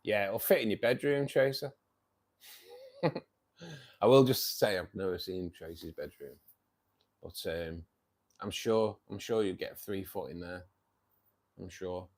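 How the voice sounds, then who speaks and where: Jokey man, lowish voice. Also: measured pace, long pauses, darkish tone. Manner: jokey, laughs often, teasing. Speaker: host of a fishkeeping livestream. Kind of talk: casual chat reading viewer comments.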